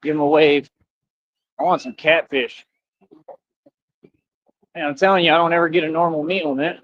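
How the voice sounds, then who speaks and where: A man's voice: a little high, steady tone, normal speed, highs cut off. A man live-streaming while walking outdoors, chatting casually in a rambling, laid-back way. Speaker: street streamer in costume. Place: outdoors on streets. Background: passing traffic.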